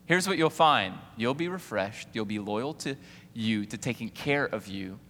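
A man's voice: fairly low pitch, expressive, a little slow, a bit bright, a little hiss or hum. A man in his forties preaching a sermon as pastor, firing rhetorical questions at the congregation and calling on them to answer. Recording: long hall reverb.

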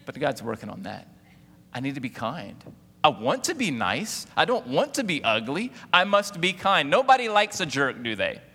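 Pastor guy in his 40s preaching, lots of questions to the crowd, bright edgy voice, long echo off the hall. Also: fairly high pitch, huge pitch swings, normal speed, slightly rough. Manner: preaching with rhetorical questions and call-outs to the congregation. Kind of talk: sermon.

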